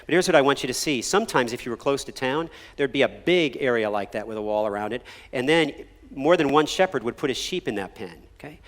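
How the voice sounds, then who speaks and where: A man's voice: medium pitch, lively intonation, quick pace, hardly any pauses. Man preaching in a reverberant church hall. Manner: conversational preaching with frequent "right?" and "okay?" asides; drops to a hushed near-whisper on key words. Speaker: pastor. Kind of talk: sermon. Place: church sanctuary.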